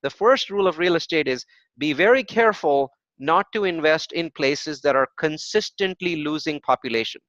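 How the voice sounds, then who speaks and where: A man leads a real estate workshop with a somewhat high voice. He delivers his points emphatically, throws out rhetorical questions and answers them, and keeps checking in with "right?". The recording is dull and dry, with a muffled lo-fi sound. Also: expressive, normal speed, a bit bright, no echo. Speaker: real estate investing instructor. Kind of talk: live workshop presentation with web demos.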